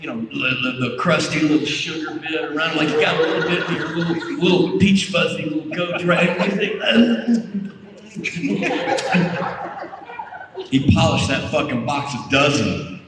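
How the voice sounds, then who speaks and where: A high-voiced man tells a rowdy, profane story to a convention crowd. He mimics the other people in it as he goes. He sounds distant, caught in a long-reverberating hall with steady background noise. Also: moderate pace. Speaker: convention panel guest. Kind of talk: storytelling to an audience. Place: convention panel room. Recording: far-off echoey hall with noise.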